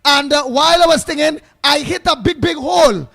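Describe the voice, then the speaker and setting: A man with a Trinidadian accent acting out a loud, blustering man who shouts complaints about guarding the borders. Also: extremely high pitch, a little fast, gravelly, full character voice. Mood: ranting.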